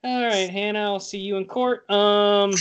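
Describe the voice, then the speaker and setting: A man's voice: high-pitched, a bit bright, clean tone. A young man co-hosting a podcast, chatting in a playful, jokey, rambling way. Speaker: podcast co-host. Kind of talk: casual chat.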